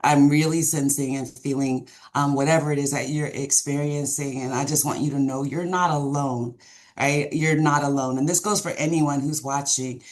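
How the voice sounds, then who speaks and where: A woman's voice: extremely low pitch, fairly even intonation, normal speed, a little mellow. A woman guest on a talk show, speaking in a supportive, faith-filled way. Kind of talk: encouraging talk-show remarks.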